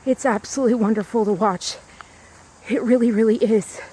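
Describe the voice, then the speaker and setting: A woman vlogging outdoors on a trail, talking in a rambling, repetitive, fast way while she walks. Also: on the high side, fairly even intonation, dark tone, slightly rough. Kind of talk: rambling walk-and-talk vlog.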